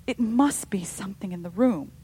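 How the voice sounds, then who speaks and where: A woman voicing a timid, anxious woman who talks in a high, nervous, pleading way. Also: moderate pace, dark tone, slight background noise, close to an everyday voice. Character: timid, anxious older woman, easily scared.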